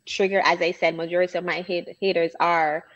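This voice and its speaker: Assertive woman, low voice, lo-fi call audio. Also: level tone, fast, a bit bright. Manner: assertive, matter-of-fact, argues in reasoned steps. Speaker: podcast guest and commentator. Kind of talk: casual podcast conversation.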